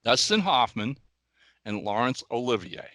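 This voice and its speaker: An older man co-hosting a podcast, telling stories in animated casual chat and often checking in with "all right?". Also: mid-range voice, unhurried, no room sound. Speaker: podcast co-host.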